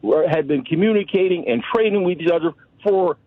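An impassioned male radio caller who rambles and keeps repeating words as he stumbles on. His voice is fairly high and husky. It comes through a tinny, dry phone line. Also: a little fast, no echo. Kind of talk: call-in radio talk.

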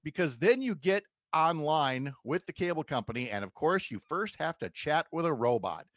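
A man's voice: a little high, moderate pace, no room sound. Chatty male radio host, dry studio sound. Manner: relaxed, chatty, self-deprecating with laughs. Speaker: radio talk show host. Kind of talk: casual morning radio chat.

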